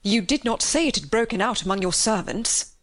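A woman reading a storybook, voicing a young male officer who speaks in a grave, measured way. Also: fairly high pitch, animated, dry recording.

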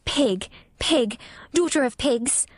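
A woman's voice: high-pitched, expressive, dry recording, studio quality, voice pushed up, full character voice. A woman playing a spoiled, cross little girl. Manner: slow, sulky, commanding.

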